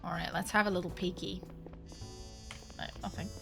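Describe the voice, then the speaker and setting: A woman's voice: lowish voice, steady tone, normal speed, gravelly, music in the background. A young adult woman streaming a game, chatting casually and giggling as she reacts and reads along. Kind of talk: casual gameplay commentary, reading game dialogue aloud.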